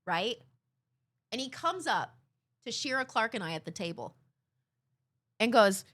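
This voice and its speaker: A woman livestreamer chats casually with her stream's chat, telling animated stories full of playful impressions and swearing freely. Her voice is a little high and unhurried, with frequent pauses.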